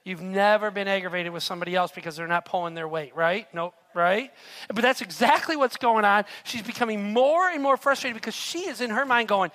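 Animated man preaching a sermon. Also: high voice, brisk. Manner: animated storytelling with rhetorical asides. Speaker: pastor.

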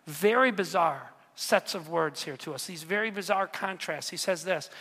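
A pastor preaching a lively sermon, firing questions at the congregation and slipping in joking asides. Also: mid-range voice, moderate pace. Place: church sanctuary. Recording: long reverb of a large hall.

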